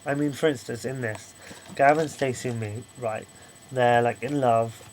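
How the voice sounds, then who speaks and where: A young man talking straight to camera in a casual vlog review. He rambles and apologizes, restarting his thoughts often, in a middle-pitched voice with some faint noise behind him. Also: steady tone, unhurried, poor audio. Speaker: video reviewer.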